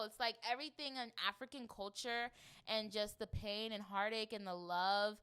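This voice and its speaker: Chatty woman podcast host, smooth voice. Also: mid-range voice, moderate pace. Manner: rambling, filler-heavy, animated. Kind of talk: casual chat.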